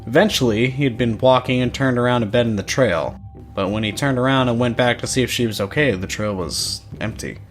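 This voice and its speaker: A man's voice: mid-range voice, brisk, faint music behind. A man co-hosting a podcast, reading a scary story aloud in a casual, profane way with asides. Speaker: podcast co-host.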